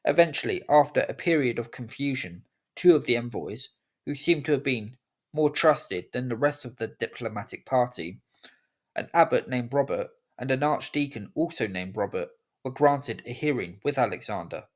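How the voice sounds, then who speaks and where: Guy narrating a history video, calm measured pace, mid-pitched voice. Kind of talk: scripted narration.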